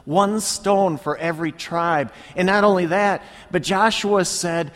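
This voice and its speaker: A man's voice: high voice, fairly even intonation, unhurried, few pauses, fairly bright tone. A man preaching a sermon, retelling a Bible story and acting out the characters' lines as he goes. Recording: long hall reverb.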